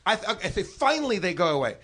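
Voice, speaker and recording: Animated guest telling profane bar stories. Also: male voice, high-pitched, fast talker, very noisy. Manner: animated, profane anecdotes with stumbling restarts. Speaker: podcast guest. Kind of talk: live comedy podcast chat. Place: stage before a live audience.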